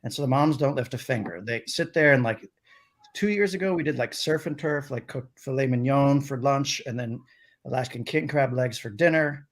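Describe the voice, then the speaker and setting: A man's voice: medium pitch, normal speed. A middle-aged man who is a guest on a comedy talk show, telling loose, rambling stories full of "like" and "um" over a video call. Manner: rambling storyteller with lots of fillers. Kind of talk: casual anecdotal chat. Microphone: livestream video call.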